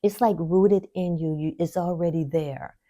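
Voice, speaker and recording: A woman's voice: normal speed, lo-fi sound. A woman hosting a faith-based wellness talk, speaking straight to her viewers in an encouraging, teaching way and laughing easily. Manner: warm encouraging teaching, lively pitch swings, laughs easily. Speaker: host.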